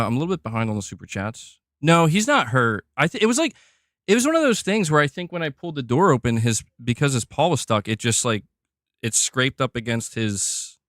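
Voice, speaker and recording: A man's voice: medium pitch, a bit bright, dry recording, studio quality. A man hosting a casual gaming livestream, joking and swearing freely as he talks to chat. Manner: loose, profane, joking. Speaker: livestream host.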